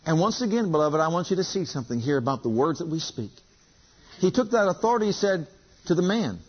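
Emphatic high-voiced preacher, husky and lo-fi. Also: male voice, animated, a little fast. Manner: emphatic, repeats lines, acts out dialogue. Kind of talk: sermon storytelling. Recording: dull lo-fi recording.

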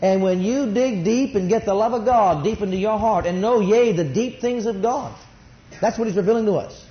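A middle-aged man preaching a sermon, swinging between soft asides and rising exclamations. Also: high-pitched, normal speed. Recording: dull roomy recording.

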